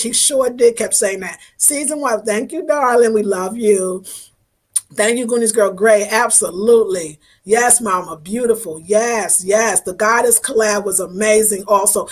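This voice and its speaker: Husky and medium-pitched, a woman hosts an informal livestream at a moderate pace, reading out viewer comments. She thanks each viewer by name effusively and warmly, sometimes with a tremble of emotion in her voice.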